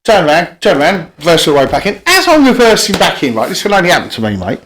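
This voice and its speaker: A man's voice: high-pitched, wildly swooping pitch, fast, a bit bright, a little hiss or hum. A middle-aged man telling rambling, sweary stories in a casual podcast chat, full of restarts.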